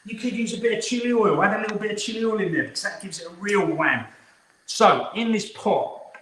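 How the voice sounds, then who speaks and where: A man's voice: on the high side, fairly bright tone. A man in his fifties, a head chef, chatty and upbeat as he talks viewers through a live cooking demonstration in a kitchen. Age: 50s. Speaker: head chef hosting a cookalong. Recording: echoey room with faint noise.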